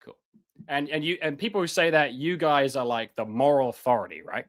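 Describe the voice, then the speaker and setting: Guy ranting on his stream, fairly high voice, sarcastic, lots of ums and restarts. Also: a little fast. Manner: impassioned, sarcastic, many fillers and restarts. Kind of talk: live-stream lecture.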